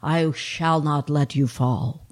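A solemn, booming divine voice calls down from on high, slow and deep and full of command, as a woman puts it on. Every word lands heavy and unhurried. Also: darkish tone. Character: booming solemn voice of God from above.

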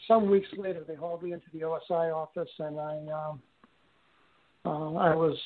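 An older man telling a personal story in an interview, speaking haltingly with frequent restarts and fillers. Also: on the high side. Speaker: guest recounting an experience. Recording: tinny phone-line audio.

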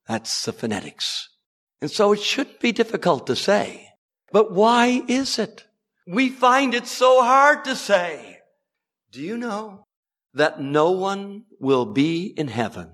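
A man preaching an evangelistic sermon, switching between loud emphatic lines and low, quiet asides, and spelling words out slowly for emphasis.

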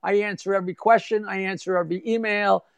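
A man's voice: sits high, steady tone, vocal fry, clear, resonant tone, no echo. An older man, a comedian guest telling jokes and chatting playfully in an interview. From Long Island, New York. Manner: rapid joke delivery, playful and self-mocking. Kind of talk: casual interview and joke telling.

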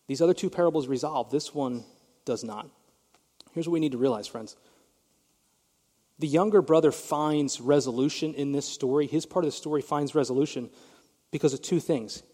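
A man's voice: a little high, dark tone. A male pastor preaching a sermon, retelling a story with emphasis and speaking directly to his congregation. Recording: long reverb of a large hall.

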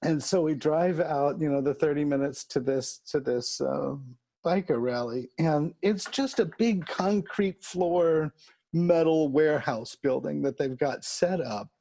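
A man with a somewhat high voice tells a funny story in a loose, casual way. He laughs often and doubles back on words as he builds each scene. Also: unhurried, creaky, dark tone. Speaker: storyteller guest. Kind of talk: casual anecdote.

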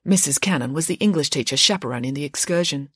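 A woman narrating a children's story in an expressive, animated reading style. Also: deep voice, quick pace, slightly rough, dry recording, clean studio sound.

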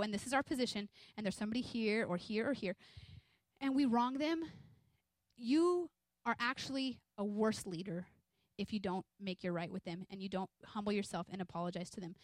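A woman in her thirties preaches to her church in an energetic, conversational way, slipping into little acted-out scenes from home. Her voice sits a bit high, and the sound is dry and close, with no room echo. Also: normal speed. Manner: energetic, conversational, acts out quotes from home life. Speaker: pastor's wife preaching. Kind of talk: sermon.

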